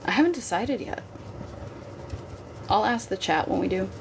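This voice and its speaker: A woman's voice: mid-range voice, lively intonation, normal speed, noisy background. A young woman hosting a casual livestream, chatting candidly with her viewers and swearing freely. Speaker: livestream host. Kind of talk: casual chat to a live chat.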